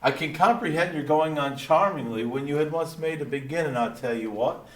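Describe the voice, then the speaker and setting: A man putting on a drawling small-town cartoon dad, folksy and proud, leaning on his stock phrases as he reads through a lesson. The voice sits a little high for a man and rings in a roomy space. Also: lightly acted. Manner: slow Texan drawl, repeating catchphrases. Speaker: teacher. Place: classroom. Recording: roomy echo.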